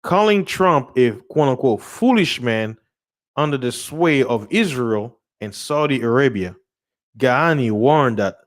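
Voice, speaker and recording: Young male livestream host, loose rambling news commentary, mid-pitched voice, chuckles between points. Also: lively intonation, unhurried. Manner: rambling, laughs often, repeats words. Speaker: channel host reading news.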